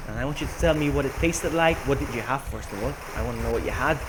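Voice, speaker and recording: A chatty man talks to his chat while playing, rambling and laughing often. His voice sits at an ordinary middle pitch. A steady background noise runs under the talk from his room at home. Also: fast talker. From Malta. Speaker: game streamer. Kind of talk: casual live-stream chat.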